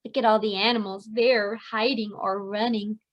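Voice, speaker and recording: A woman preschool teacher reading a picture book aloud to young children and explaining it in an expressive way. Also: medium pitch, moderate pace, dull audio.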